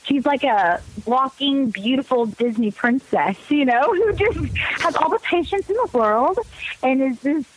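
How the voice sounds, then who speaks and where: A young woman talks as an interview guest, outgoing and animated, her voice sitting a little high. She rambles happily with plenty of fillers, and it sounds like a radio broadcast. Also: a little slow, few pauses, slightly rough, poor audio. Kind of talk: casual interview.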